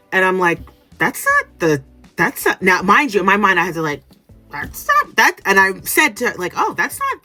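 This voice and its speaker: A woman vlogger telling a story in casual monologue, animated and acting out other people's lines, often restarting her sentences. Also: lowish voice. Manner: animated, acts out quoted voices; restarts and trails off mid-sentence.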